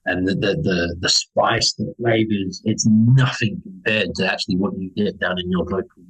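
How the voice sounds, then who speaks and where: A man's voice: deep voice, fairly even intonation, normal speed, fairly bright tone, husky, low-quality recording. A young man who is a guest on a podcast, chatting casually, rambling with restarts and laughing often. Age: young adult. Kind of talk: casual chat.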